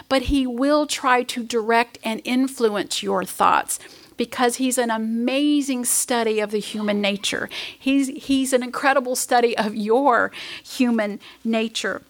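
High-voiced woman preaching with emotion. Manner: earnest, emotional, at times whispering. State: tearful. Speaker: pastor's wife preaching. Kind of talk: sermon.

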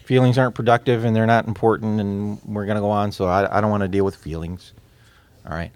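A man teaching a class on communication. He talks in a lively way, laughs often, quizzes his listeners and repeats words as he restarts. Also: on the low side, quick pace, no echo. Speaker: instructor.

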